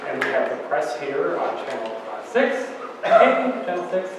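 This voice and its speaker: A man's voice: on the high side, sing-song, moderate pace. A man in his fifties, out of breath, hosting a public talk as library director, chatty and joking with the audience. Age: 50s. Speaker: library director and event host. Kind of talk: welcoming remarks at a public talk. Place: lecture room in a historical society. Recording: echoey hall recorded from far off with noise.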